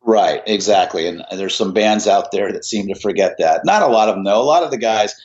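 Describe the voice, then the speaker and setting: Man, middle-aged, low-pitched, rambling storyteller, many fillers, dull lo-fi recording. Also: a little fast, a little mellow. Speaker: interview guest, musician. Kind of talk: casual anecdotal storytelling. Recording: dull lo-fi audio.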